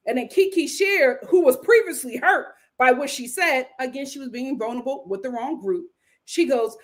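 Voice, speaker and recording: A woman's voice: high-pitched, normal speed. A woman hosting a casual reality TV recap, acting out what the cast members said. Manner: animated, acts out cast members' lines with big vocal swings.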